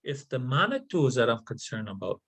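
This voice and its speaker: A man voicing a generous, protective male spirit hero, talking earnestly with halting repeats. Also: mid-range voice, big pitch swings, a bit bright, breathy edge, full character voice, poor audio. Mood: warning.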